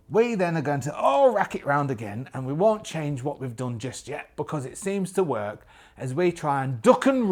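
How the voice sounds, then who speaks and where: A man narrating a solo tabletop game in character, chatty and jokey, talking to himself as he rolls dice. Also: fairly high pitch. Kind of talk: in-character actual-play narration.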